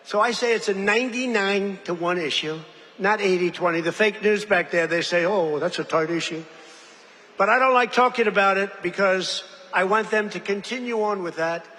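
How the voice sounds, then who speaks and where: Male rally speaker, high-pitched and tense, loose and meandering delivery, booming hall reverb. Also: moderate pace, pushed and bright. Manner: rambling, digressive, repeats phrases; jokey asides to the audience. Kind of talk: off-the-cuff rally speech. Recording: long hall reverb, faint background noise.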